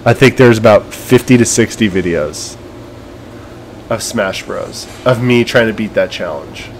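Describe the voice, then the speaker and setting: A man giving gameplay commentary who is teary and overwhelmed, halting and trailing off as he talks. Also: lowish voice, slight background noise. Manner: emotional, halting, trails off and restarts. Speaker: gaming video creator.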